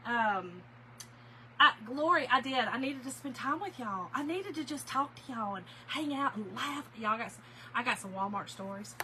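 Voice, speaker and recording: This woman's voice sits fairly high, with lively intonation at a normal speed, against some background noise. She's the gushing, talkative host of a casual craft-supply livestream sale, calling out viewers by name and easily moved to tears or laughter.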